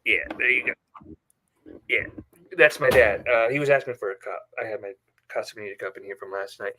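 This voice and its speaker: A man's voice: on the low side, brisk, sharp tone. A man hosting a casual live stream from his bedroom, telling a story with many fillers and restarts. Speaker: host. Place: bedroom at home.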